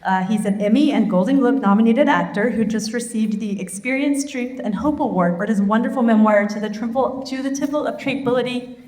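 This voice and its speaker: A woman organizing a festival, giving a halting live stage speech full of ums in a large theater. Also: fairly high pitch, darkish tone. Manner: halting, many ums, gets emotional. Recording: echoey theater hall.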